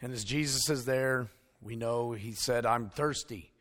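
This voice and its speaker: Man, preaching a sermon, bright forceful tone, dramatic swings between hushed and loud. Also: mid-range voice, unhurried. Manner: emphatic, swings from hushed to shouting.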